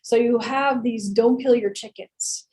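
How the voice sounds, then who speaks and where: A woman's voice: fairly high pitch, fairly even intonation, a little slow, a little mellow, low-quality recording. A woman giving a casual lecture as a real estate instructor, chatty, with rhetorical questions. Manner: chatty, many fillers and restarts, rhetorical questions.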